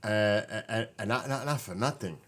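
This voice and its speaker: A man's voice: fairly low pitch, moderate pace, a bit bright. A tired man, rambling casually to his livestream viewers from his living room. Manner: rambling, self-correcting, talks to chat. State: tired, voice wearing out. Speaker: livestream host chatting with viewers.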